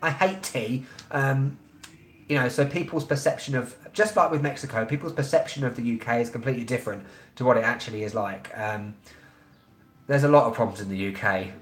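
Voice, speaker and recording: A man's voice: mid-range voice, fairly quick, fairly bright tone. Rambling London man in an echoey room. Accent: London English. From England. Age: 30s. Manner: rambling and blunt, heavy with ums. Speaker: travel vlogger hosting a live stream. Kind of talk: casual live-stream chat.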